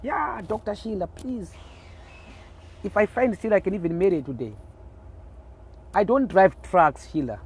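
A man's voice: sits high, lively intonation, normal speed, pauses often, breathy edge. A middle-aged man from Zimbabwe with a Zimbabwean accent, hosting a live stream in teasing, rambling chat, greeting viewers by name and talking into his phone.

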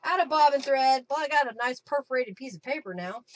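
A woman's voice: high voice, expressive, moderate pace. A woman hosting a casual craft live stream from her home craft room, chatting and thinking aloud as she works.

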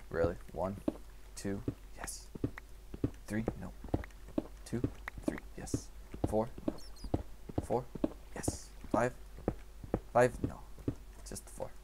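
A man commentating his own gameplay, talking to himself and swinging from quiet mutters to excited shouts. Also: fairly low pitch. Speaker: gaming youtuber.

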